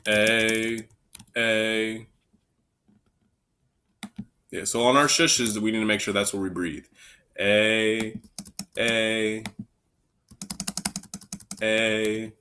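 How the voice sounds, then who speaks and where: A man's voice: fairly low pitch, a little slow, pauses often, sharp tone. A man teaching an elementary recorder lesson, counting students in and calling out note names step by step. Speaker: music teacher.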